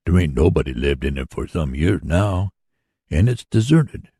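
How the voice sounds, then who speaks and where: A folksy, rambling older workman speaks in a deep, gravelly voice, as a man reads him aloud. He sounds earnest and plain-spoken, with a husky edge. It is a storybook reading in a dry, close recording. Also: very animated, normal speed, warm tone, dry recording, exaggerated voice. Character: hard-working older man running a mule sawmill.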